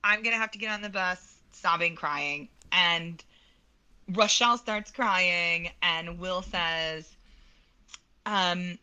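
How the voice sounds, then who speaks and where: Animated bright-voiced woman storyteller. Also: fairly low pitch, slow, clear, resonant tone, rough recording. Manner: animated, laughs often, acts out quoted dialogue. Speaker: guest, opera soprano. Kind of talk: conversational interview storytelling.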